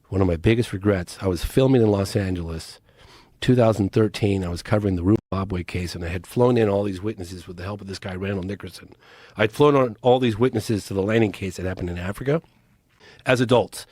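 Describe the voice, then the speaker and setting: This man has a mellow voice on the low side, captured in a dry, studio-quality recording. He's a documentary filmmaker talking as a podcast guest, and in this casual interview he pushes his point with earnest urgency and pleading appeals.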